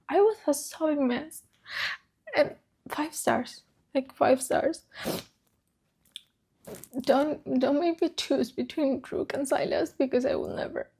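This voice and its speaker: A woman's voice: high voice, slow pace, creaky, pauses often, warm tone. A woman chatting casually about books she read, emotional, swearing freely and repeating herself. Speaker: book vlogger. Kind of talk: casual chat.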